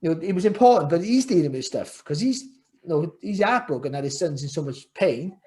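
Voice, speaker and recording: Candid man, slightly high voice. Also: expressive, fairly quick, a little mellow. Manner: rambling, repeats words and restarts often, reflective. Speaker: guest, former world champion boxer. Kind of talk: candid podcast interview.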